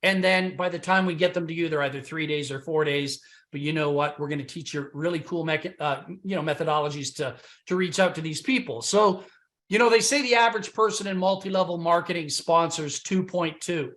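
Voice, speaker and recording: A man giving a loud, boastful sales pitch on a conference call, punchy and swinging between shouted emphasis and low asides, his voice a bit worn from talking loud. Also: a little fast. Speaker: business opportunity presenter on a conference call.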